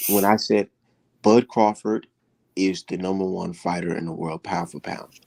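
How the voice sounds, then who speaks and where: A man's voice: sits low, fairly even intonation, unhurried, gravelly, a little mellow. A man co-hosting a casual boxing chat, talking bluntly with plenty of swearing and repeated phrases. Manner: blunt, profane, repeats himself. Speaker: boxing podcast co-host.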